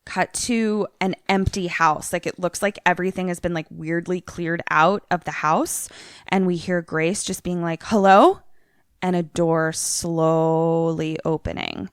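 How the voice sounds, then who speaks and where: A woman's voice: lowish voice, flat delivery, a little slow, smooth, no echo, studio quality. A young woman co-hosting a podcast, casually retelling a movie trailer with many fillers. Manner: chatty, filler-heavy, lots of "like". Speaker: podcast co-host.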